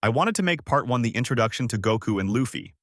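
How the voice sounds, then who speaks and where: A man's voice: mid-range voice, fast talker, no room sound, clean studio sound. A man reading a fan-made story aloud, then signing off casually to viewers. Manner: animated storytelling, casual sign-off. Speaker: channel host and narrator.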